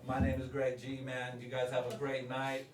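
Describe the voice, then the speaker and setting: A man's voice: mid-range voice, completely flat delivery, moderate pace. A man doing a stand-up set at an open mic. He is crude and profane and keeps laughing at his own jokes. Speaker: stand-up comedian. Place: live comedy venue with an audience. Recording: roomy live venue, distant, crowd noise.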